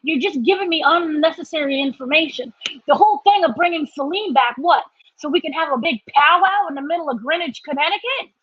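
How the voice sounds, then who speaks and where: Female podcast co-host, high voice, animated exasperated ranting, dry dull recording. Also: brisk. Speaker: podcast co-host reviewing a TV episode. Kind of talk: casual ranting review.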